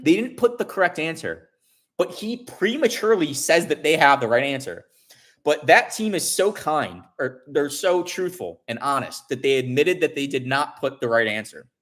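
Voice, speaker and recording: A man in his forties chatting casually to his livestream viewers, rambling, restarting often and telling an animated story. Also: a little high, moderate pace. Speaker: livestream host.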